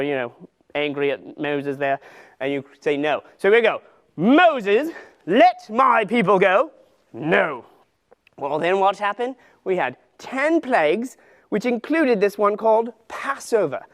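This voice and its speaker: A male children's ministry leader giving an energetic Bible lesson for kids, coaxing them through motions. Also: fairly high pitch, normal speed.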